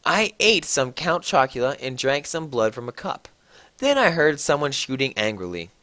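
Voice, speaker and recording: A man's voice: mid-range voice, sing-song, moderate pace, sharp tone, no room sound. A man giving a mocking, exaggerated comedic reading of fan fiction, swearing freely. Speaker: reader.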